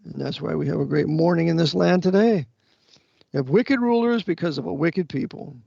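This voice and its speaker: A man's voice: fairly high pitch, brisk, vocal fry, warm tone, husky, dry recording, dull audio. A man hosting a casual talk show, answering his guest with blunt, preachy remarks. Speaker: host. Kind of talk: casual radio chat.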